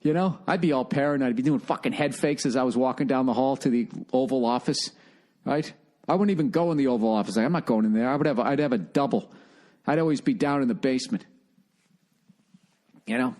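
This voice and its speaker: A male comedian hosts his podcast, talking at a middle pitch. He rambles through a profane comic rant and curses often. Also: brisk, darkish tone. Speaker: podcast host.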